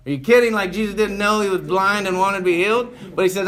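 A man preaching in a relaxed, conversational way, his voice sitting a little higher than most men's. He leans on rhetorical questions and folksy emphasis, talking to the room like friends rather than reading a text. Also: fast, hardly any pauses. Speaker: pastor. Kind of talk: conversational sermon.

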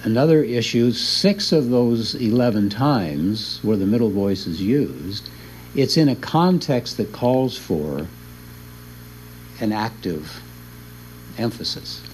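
A man's voice: fairly low pitch, animated, slow pace, a little mellow, a little hiss or hum, low-quality recording. A man teaching a Bible class in an easygoing lecture, often chuckling as he explains.

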